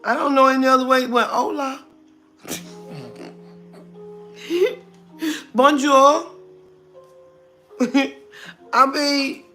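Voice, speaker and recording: A woman's voice: sits high, pushed and bright. Blunt middle-aged woman streaming live. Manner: blunt, talkative, greets viewers by name, laughs often. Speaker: livestream host. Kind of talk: casual livestream chat.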